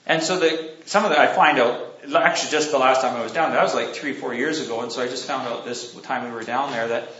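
A man's voice: mid-range voice, fast, hardly any pauses, fairly bright tone. A man preaching a sermon, rambling and correcting himself as he tells stories and asks the congregation questions. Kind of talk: sermon with anecdotes. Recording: roomy, dull lo-fi recording.

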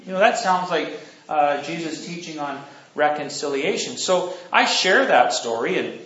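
A man preaches in a rambling, self-correcting way, asking his listeners questions between stories. His voice sits a little high for a man. The recording is roomy and dull, as if made in a meeting hall. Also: animated, moderate pace, fairly bright tone. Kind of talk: sermon with anecdotes.

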